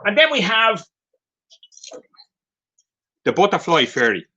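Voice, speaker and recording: Chatty Irish man, bright high voice. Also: huge pitch swings, slow, highs cut off. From Ireland. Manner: chatty storytelling with many fillers. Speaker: craft vendor. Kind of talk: live product demonstration.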